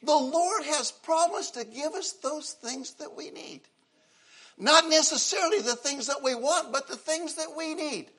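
An older man preaching a sermon, emotional, swinging from loud exclaiming to soft, quiet lines. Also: extremely high pitch, measured pace. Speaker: pastor.

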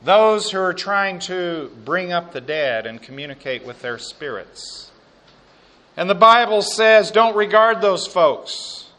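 A man preaching a sermon and reading scripture aloud, slow and emphatic, with quiet asides. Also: high voice, expressive.

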